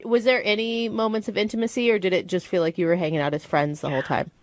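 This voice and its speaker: A woman co-hosting a morning radio show, tossing in quick, joking questions. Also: mid-range voice, level tone, no echo, clean studio sound. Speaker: radio co-host. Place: radio studio.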